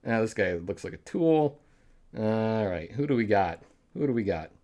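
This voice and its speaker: A man's voice: fairly low pitch, expressive, normal speed, a little mellow. A man hosting a live comedy stream, chatting casually with viewers in a rambling way with muttered asides.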